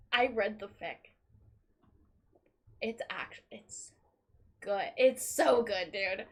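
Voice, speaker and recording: A woman's voice: a little high, slow, pauses often. A young woman streamer in casual chat, rambling, swearing often and laughing between thoughts.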